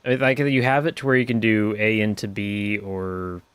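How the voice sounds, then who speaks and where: A man's voice: on the low side, flat delivery, normal speed, clean tone, no echo. A man co-hosting a casual podcast, giving brief, easygoing replies with dry humor. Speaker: podcast co-host. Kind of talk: casual gear-talk chat.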